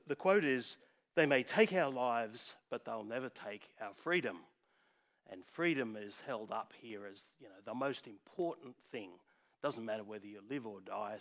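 A man's voice: medium pitch, a bit bright. A man giving a conversational sermon, with frequent fillers and restarts. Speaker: preacher.

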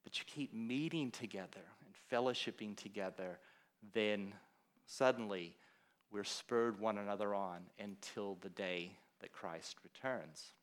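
A pastor from Australia preaching a conversational sermon in a church hall, telling stories and acting out what other people said. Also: male voice, on the low side, a little slow. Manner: conversational storytelling, quoting others with animated voice.

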